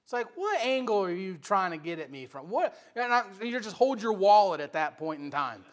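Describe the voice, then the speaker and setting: A man preaching a Bible study sermon in church, swinging between quiet asides and loud, emphatic exhortation. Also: high-pitched, very animated, normal speed. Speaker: pastor.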